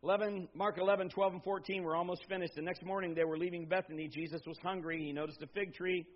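A middle-aged man preaching a sermon as pastor, swinging from loud emphatic bursts to low, quiet stretches. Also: fairly even intonation, fast talker. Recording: slightly dull lo-fi sound.

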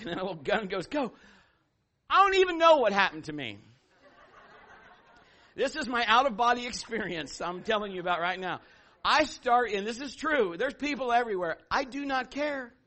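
A middle-aged male pastor preaches with a high, bright, ringing voice. He tells his story with animation, dropping to hushed asides and rising to shouts. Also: animated, normal speed. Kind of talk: sermon with storytelling.

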